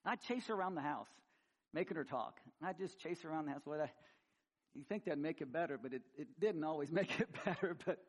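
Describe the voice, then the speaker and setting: A middle-aged man preaching a sermon, swinging between loud, high emphasis and quiet, low asides. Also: animated, fairly quick. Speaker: pastor.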